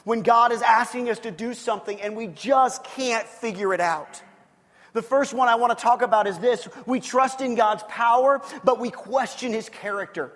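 A man's voice: extremely high pitch, normal speed. A man preaching a sermon as pastor, earnest and repetitive, often restarting his words. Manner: earnest, repetitive, stumbles and restarts, bursts to shouting. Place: church hall. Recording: long reverb of a large hall.

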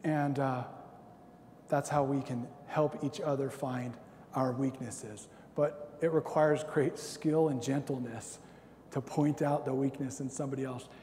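A man's voice: medium pitch, fairly even intonation, unhurried, dark tone, long reverb tail, slight background noise. A man in his thirties, a pastor giving a sermon, talking in a conversational, self-deprecating way and acting out little stories.

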